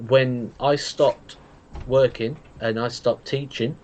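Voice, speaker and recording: A man's voice: medium pitch, slow, slight background noise. Chatty male stream host, muffled audio. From England. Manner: relaxed, chatty, thanks viewers for donations. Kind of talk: casual live-stream chat.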